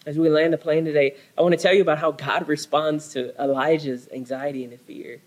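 A man's voice: a little high, rough recording. A man, a pastor, preaching a sermon in an earnest, dramatic storytelling way with emphatic repetition. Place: church.

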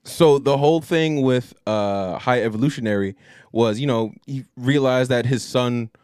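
A man's voice: medium pitch, normal speed, a little mellow, clear, resonant tone, dry recording, studio quality. A man co-hosting a podcast in casual chat, talking in a loose, rambling, slangy way. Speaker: podcast co-host.

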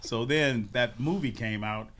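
A man in his sixties telling lively, laughing stories as a guest on a radio morning show, acting out voices as he goes. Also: medium pitch, a little slow, heavy background noise. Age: 60s. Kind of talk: casual storytelling on a radio show.

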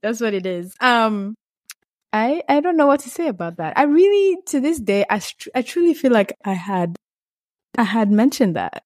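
A woman's voice: fairly high pitch, big pitch swings, moderate pace, darkish tone, dry recording. Playful woman from Burundi, dry sound. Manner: playful, laughing, defensive. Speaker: podcast co-host. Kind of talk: casual chat.

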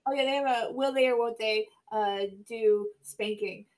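A woman's voice: on the high side, steady tone, moderate pace, darkish tone. A woman co-hosting a casual comedy podcast, rambling and interrupting herself as she jokes. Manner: rambling, self-interrupting, laughs mid-sentence. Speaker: podcast co-host.

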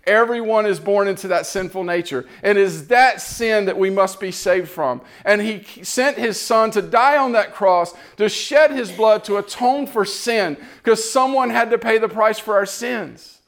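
A man's voice: high-pitched, normal speed, few pauses, a bit bright. A man giving an impassioned, earnest sermon testimony, repeating phrases as he builds.

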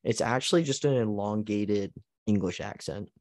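Low voice guy podcast chat, lots of laughs and likes, dry sound. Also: moderate pace, darkish tone, no room sound. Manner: laughs often, heavy use of "like". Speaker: podcast co-host. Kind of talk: casual chat.

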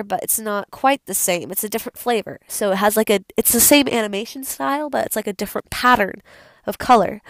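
A woman's voice: medium pitch, no echo, clean studio sound. A young woman hosting her own video, talking casually and rambling about a film she loves, with many fillers. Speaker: video host. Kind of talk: casual unscripted film talk.

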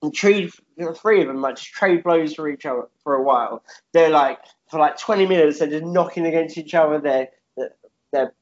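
A man's voice: a little high, moderate pace, muffled recording. Man rambling through a wild story. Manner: rambling, animated, frequent "yeah?" tags and swearing. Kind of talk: casual chat, telling a made-up fight story.

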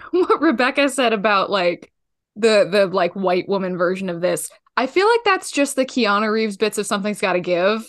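A woman in her twenties, a guest journalist on a podcast, speaking frankly in casual chat with quick, swearing rants. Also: mid-range voice, big pitch swings. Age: 20s.

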